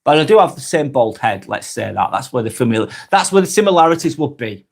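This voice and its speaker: A man with a Lancashire accent, hosting a calm live stream, reading viewers' comments aloud and chatting back in an unhurried way with lots of ums and restarts. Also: medium pitch, vocal fry. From North West England. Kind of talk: casual live-stream chat.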